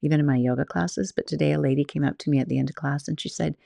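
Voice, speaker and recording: A woman's voice: sits low, fairly even intonation, racing, vocal fry, few pauses, dark tone, no echo. A woman host and yoga teacher telling stories in a chatty, rambling way, laughing often. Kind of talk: casual storytelling monologue.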